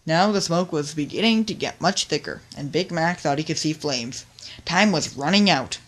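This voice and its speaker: A narrator reading a picture-book story in a steady, soft storytelling manner. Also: medium pitch, normal speed.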